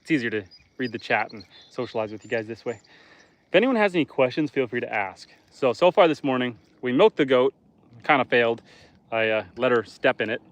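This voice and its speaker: A man's voice: medium pitch, lively intonation, brisk. Casting note: laid-back male homesteader from northern Canada, live-streaming by a lake, chatty and joking with viewers. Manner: chatty, joking, talks to chat while fishing. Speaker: homesteader and livestreamer. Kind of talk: casual live stream chat. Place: outdoors by a lake.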